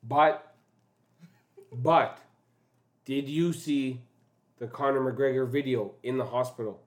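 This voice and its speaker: A man's voice: medium pitch, steady tone, slow pace. A man co-hosting a casual podcast, blunt and swearing, talking fights with his friends. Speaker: podcast co-host. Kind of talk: casual chat.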